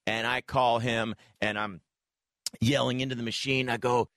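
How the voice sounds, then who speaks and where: Animated male radio host telling stories. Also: mid-range voice, normal speed, no room sound, clean studio sound. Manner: animated storyteller acting out quoted voices. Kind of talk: casual radio storytelling.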